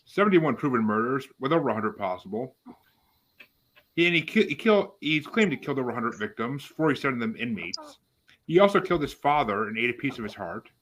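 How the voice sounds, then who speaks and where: A man's voice: medium pitch, fairly bright tone. A man hosting a casual podcast, reading out bracket matchups with swearing and dry asides. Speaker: podcast host.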